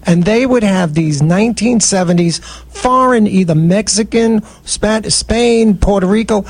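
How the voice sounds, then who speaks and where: A man's voice: high-pitched, measured pace. A man, telling stories in a casual chat, reminiscing and laughing often.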